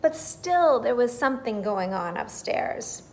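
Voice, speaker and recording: A woman reading a children's bedtime story aloud in an expressive, animated way. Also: fairly high pitch, a little slow.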